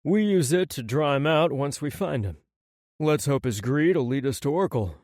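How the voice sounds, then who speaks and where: A man's voice: fairly high pitch, expressive, moderate pace, a little mellow, no room sound, clean studio sound, close to an everyday voice. A male audiobook narrator voicing a confident demon hunter, firm and matter-of-fact. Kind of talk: audiobook character voice.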